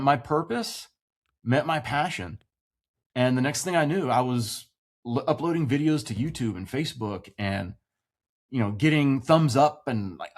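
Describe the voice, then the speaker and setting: An expressive man in his forties, talking casually as a veteran guest on a podcast. He swears freely and acts out the voices of people in his story, with an everyday middle pitch. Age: 40s.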